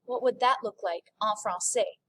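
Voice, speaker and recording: A woman teaching a recorded French lesson, speaking slowly and clearly and modeling French phrases in an upbeat way. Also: fairly high pitch, fairly bright tone.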